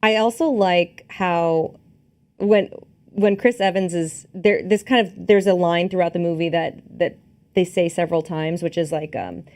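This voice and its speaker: This woman's voice sits on the low side, fairly even in intonation, measured in pace and a little mellow. As a podcast co-host she recaps a film in casual review chat, acting out scenes and quoting lines, with plenty of fillers and restarts.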